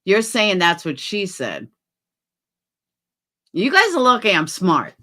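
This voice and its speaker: Blunt, bright-voiced woman streamer. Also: huge pitch swings, takes it slowly. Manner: blunt, swears freely, swings from low mutters to loud outbursts. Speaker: livestream host. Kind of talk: casual livestream chat reading viewer comments.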